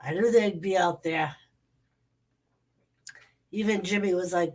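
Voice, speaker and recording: Recorded from a distance, a woman with a fairly low pitch speaks unhurriedly and pauses often. She's a channel host with a stuffy nose, chatting casually on a late-night livestream at home and greeting viewers by name.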